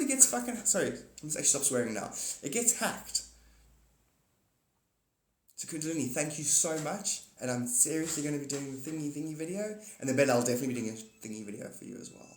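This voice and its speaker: Man chatting on a roomy live stream. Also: on the high side. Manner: rambling, jokey, swears and self-corrects. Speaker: live streamer and paid reader. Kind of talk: casual live-stream chat. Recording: roomy echo.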